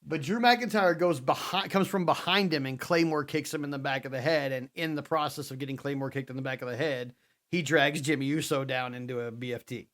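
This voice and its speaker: A man co-hosting a podcast, telling a wrestling recap as an animated storyteller. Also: medium pitch, brisk. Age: adult father. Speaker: podcast co-host. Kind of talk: casual wrestling recap chat.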